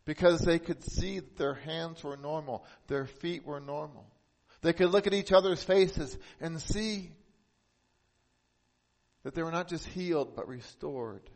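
In a slightly high voice, a male pastor preaches earnestly. Emphasis comes with a lifted voice, while key points arrive soft and unhurried.

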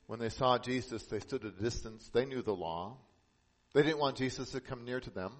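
A man preaching a sermon as pastor, earnest, lifting his voice for emphasis and dropping soft and slow on key points. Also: mid-range voice.

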